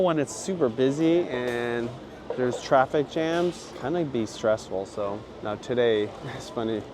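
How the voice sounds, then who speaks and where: A man's voice: mid-range voice, background noise. A middle-aged man, a vlogger, chatting casually and in a slangy, laid-back way to the camera. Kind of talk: casual vlog talk to camera.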